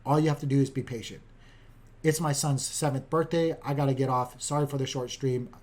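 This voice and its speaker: A man, a father of a young child, giving a casual, upbeat market recap in quick, chatty commentary. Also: medium pitch, fairly even intonation, darkish tone. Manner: upbeat, keeps saying "guys", talks fast.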